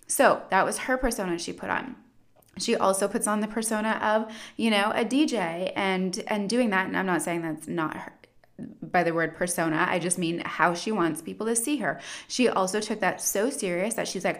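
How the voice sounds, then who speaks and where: A woman's voice: mid-range voice, normal speed. Chatty woman, filler-heavy analysis. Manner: chatty, many "like" and "you know" fillers, drops into quoted voices. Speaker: commentator analyzing a documentary. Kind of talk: casual spoken analysis.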